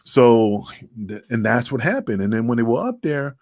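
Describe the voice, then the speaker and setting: A man's voice: medium pitch, sing-song, moderate pace, a little mellow, no room sound, studio quality. A middle-aged man, a wrestling guest, telling a story in casual chat, acting out quotes and swearing freely.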